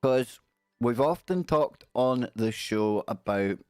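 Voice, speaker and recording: A man hosts a relaxed live stream and chats loosely with viewers, drifting from one thought to the next. His voice sits at an ordinary middle pitch and sounds close and dry, with faint music underneath. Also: slow pace, no room sound. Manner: rambling, friendly shout-outs to chat. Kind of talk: casual live stream chat.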